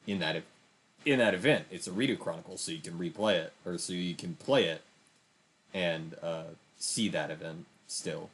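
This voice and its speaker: A man's voice: low-pitched, husky. A young man streaming a game, giving a rambling, emphatic commentary with frequent restarts. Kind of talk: casual gameplay commentary.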